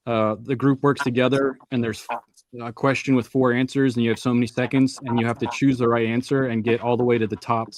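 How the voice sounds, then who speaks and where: A man's voice: mid-range voice, little pitch movement, brisk, no room sound. A man host in casual panel chat, easygoing as he explains plans for the group's game nights.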